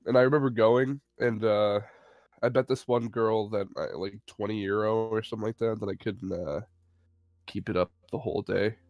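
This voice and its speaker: A man's voice: on the low side, steady tone, normal speed, no echo, muffled recording. A young man rambling through a story in casual chat, swearing often and poking fun at himself. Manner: rambling, swears a lot, self-mocking. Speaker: co-host of a live stream.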